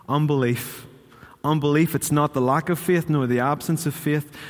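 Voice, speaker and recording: A man's voice: a little high, steady tone, normal speed, long reverb tail. A man preaching a sermon in church, chatty and questioning his congregation. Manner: conversational, asks the congregation questions. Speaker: pastor.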